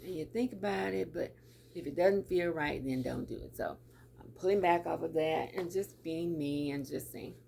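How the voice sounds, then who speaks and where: Middle-aged woman vlogger, low gravelly voice, chatty and repetitive, laughs easily. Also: normal speed, warm tone, slight background noise. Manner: chatty, repeats words, laughs often. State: teary. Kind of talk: casual talk to camera.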